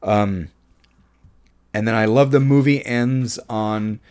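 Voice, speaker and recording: A man's voice: lowish voice, slow pace, a little mellow, clear, resonant tone. A man giving an opinionated, casual movie review, his voice jumping up when he gets emphatic. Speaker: film reviewer.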